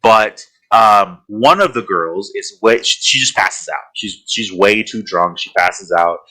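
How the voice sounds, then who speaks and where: A man's voice: on the low side, lively intonation, a little slow, sharp tone, rough recording. A man co-hosting a horror podcast, retelling a film plot in a rambling, casual way full of fillers. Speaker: podcast co-host.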